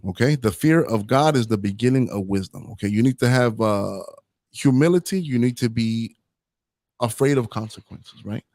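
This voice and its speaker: A man's voice: mid-range voice, expressive, moderate pace, a little mellow, no echo. A man hosts a talk show in a loose, rambling way, pressing his opinions and checking in with his listener. His voice is recorded dry and close, with almost no room sound. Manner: rambling, opinionated, tags lines with "right?" and "man". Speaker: host.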